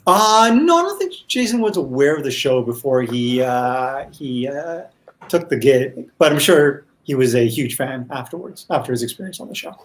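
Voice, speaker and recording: A man, the creator of a TV series, explaining his choices as a guest in a casual online chat, speaking thoughtfully and haltingly. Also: medium pitch, lively intonation. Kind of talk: casual video-chat commentary.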